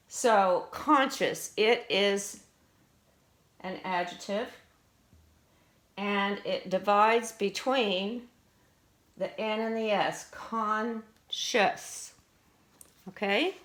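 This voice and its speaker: A woman teacher slowly explaining vocabulary words, their parts of speech and syllables, in a deliberate classroom manner. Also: mid-range voice, fairly bright tone. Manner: slow and deliberate, explaining word by word. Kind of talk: vocabulary lesson.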